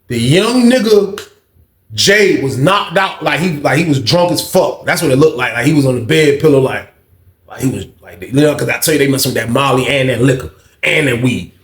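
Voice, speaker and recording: Guy telling a wild story, lots of slang, gets hushed at the tense bits, echoey room. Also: mid-range voice, moderate pace. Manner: animated, slang-heavy, drops to a hush for tense parts. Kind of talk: casual storytelling.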